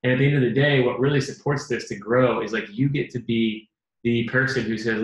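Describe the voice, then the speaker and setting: A man's voice: medium pitch, fairly even intonation, fast talker. A man co-hosting a casual advice chat, talking earnestly and acting out bits of dialogue. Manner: earnest, acts out quoted dialogue. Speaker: co-host. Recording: echoey room.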